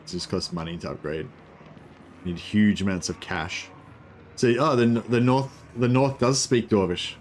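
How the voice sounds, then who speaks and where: A man's voice: lowish voice, moderate pace, a little hiss or hum. A man giving casual, rambling commentary on a strategy game, thinking aloud with many fillers and restarts. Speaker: streamer.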